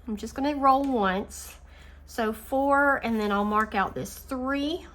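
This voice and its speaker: A woman's voice: fairly high pitch, takes it slowly, fairly bright tone. Chatty woman counting savings aloud. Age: adult. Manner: counts money aloud, chatty and easily amused. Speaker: budgeting channel host. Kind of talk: casual chat while scratching savings challenges. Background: faint engine noise from a utility vehicle outside.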